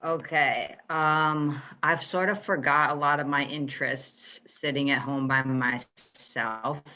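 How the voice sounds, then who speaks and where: A woman in her twenties, a guest joining by video call, chatting casually with dry, deadpan humor. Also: sits low, slow. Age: 20s. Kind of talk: casual chat with comic asides. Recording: dull lo-fi video call audio.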